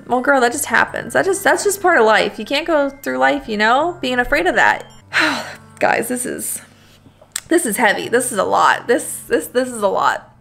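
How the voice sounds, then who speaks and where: A young woman commentating a game for her audience in a blunt, reactive way that doesn't shy from swearing. Her voice sits high with a gravelly edge, and faint music plays underneath. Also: sing-song, normal speed, a bit bright. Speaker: gaming video host. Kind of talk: let's-play commentary.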